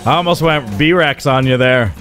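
A man commentating on a video game live, excitable and quick to yelp and swear in frustration. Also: faint music behind. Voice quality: high-pitched. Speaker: gaming livestreamer.

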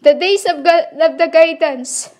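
A woman delivering a rambling spiritual monologue in halting, broken phrases, pleading with her listeners. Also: extremely high pitch, darkish tone. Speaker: self-proclaimed spiritual messenger.

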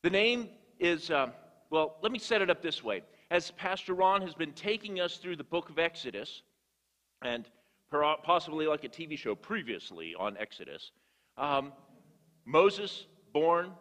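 A man's voice: a little high, fairly bright tone. Man preaching in a reverberant church. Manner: storytelling, repeats words when restarting. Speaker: guest preacher. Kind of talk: sermon. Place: church sanctuary. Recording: long church hall reverb.

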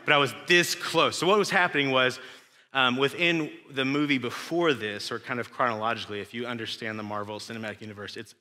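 A young West Texan pastor preaches in a loose, conversational way, tossing questions and asides to the congregation. His voice is very bright and forward at a middling pitch. The sound carries a long church-hall reverb. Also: steady tone, quick pace. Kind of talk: sermon. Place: church sanctuary.

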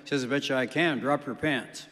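Man telling stage jokes in a big hall. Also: mid-range voice. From South Dakota. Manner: deadpan joke telling with quick voices for characters. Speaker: comedian. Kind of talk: stand-up jokes on stage, then interview. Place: large concert hall stage. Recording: reverberant hall.

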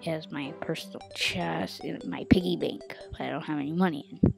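A woman casually commenting on her own gameplay, swinging from hushed mutters to loud excited outbursts. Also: low-pitched, brisk, creaky, soft background music. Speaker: gameplay narrator.

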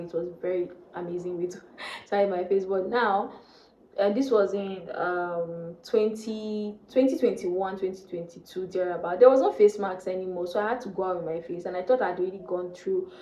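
A woman's voice: medium pitch, mellow, echoey room, slight background noise, rough recording. A young woman vlogger from Nigeria telling a faith testimony, earnest and repeating key phrases for emphasis.

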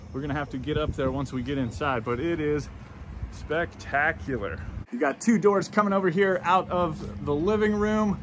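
An American man with a slightly high voice, recorded with a little hiss or hum, hosts a home tour video. He walks around a model house, gushing over its features in a chatty, upbeat, enthusiastic walkthrough.

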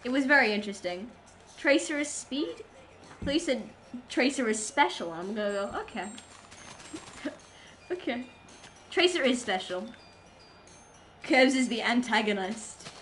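A woman's voice: a little high, lively intonation, unhurried, long pauses, a bit bright, slight background noise, low-quality recording. A woman livestreamer rambling in casual chat with her viewers while gaming, giggling and poking fun at herself. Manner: rambling, giggly, self-mocking.

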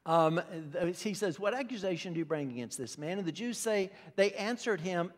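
A man's voice: high voice, expressive, moderate pace, hardly any pauses. A man preaching a sermon as pastor, teaching in a conversational way with frequent restarts. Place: church sanctuary. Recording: long reverb of a church hall.

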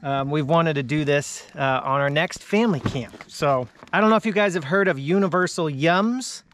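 A man in his thirties talks casually on a family camping vlog, laid-back and chuckling as he goes. His voice sits a little high for a man. Faint background noise runs under the recording. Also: normal speed, a bit bright. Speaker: vlogger, father. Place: inside a large tent.

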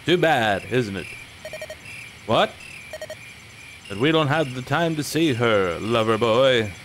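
A man's voice: medium pitch, animated, takes it slowly, fairly bright tone, slight background noise. A man reading game dialogue aloud, voicing a brash young lord who teases his friend. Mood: teasing.

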